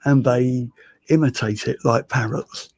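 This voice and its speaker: A man in a heated online debate, talking in a halting, stammering, trolling way with a gravelly, husky voice. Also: medium pitch, a little mellow, dry recording. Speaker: debate participant.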